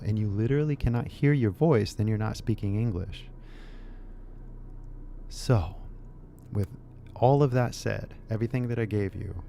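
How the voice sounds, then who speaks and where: Man, Californian accent, gravelly fry, laid-back rambling, casual English lesson. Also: lowish voice, dark tone, slight background noise. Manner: laid-back, musing, drawn-out phrases. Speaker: English teacher.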